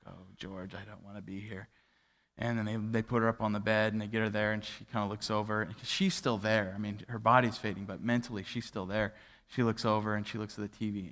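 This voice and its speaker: A man preaching a sermon as a pastor, telling a family story in a loose, conversational way with many fillers and restarts, and falling to a near hush at the tender parts. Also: fairly low pitch. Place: church auditorium. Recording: livestreamed with long hall reverb.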